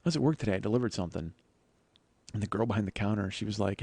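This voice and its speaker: A man's voice: fairly low pitch, rapid-fire, warm tone, husky, no room sound. A man in his forties hosting a podcast, telling stories in a rambling, self-deprecating and profane way. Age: 40s. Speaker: podcast host. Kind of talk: comedic storytelling monologue.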